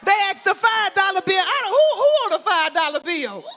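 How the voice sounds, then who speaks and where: A very high-pitched man preaches, his voice gravelly and rough at the edges. He shouts his sermon in fervent bursts, piling up long repeated lists and calling out to the congregation. His tone is bright and piercing. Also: very animated, brisk. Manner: call-and-response preaching with repetitive lists.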